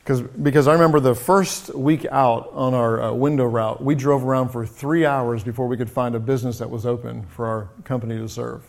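A middle-aged man who runs a coaching business, sharing personal stories in a conversational, lively way with frequent restarts. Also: medium pitch, fairly quick, creaky, hardly any pauses. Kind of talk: personal storytelling talk.

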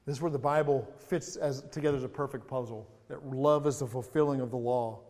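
A man's voice: mid-range voice, steady tone, brisk, a little mellow. A man preaching a sermon as pastor, reading scripture aloud with rising emphasis and breaking into chatty, humorous asides. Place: church sanctuary. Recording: reverberant church hall.

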